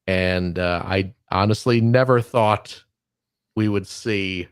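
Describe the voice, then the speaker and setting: A man's voice: deep voice, slow pace, clean tone. A middle-aged man co-hosting a podcast, chatting casually with dry sarcastic humor. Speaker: podcast co-host. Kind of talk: casual chat.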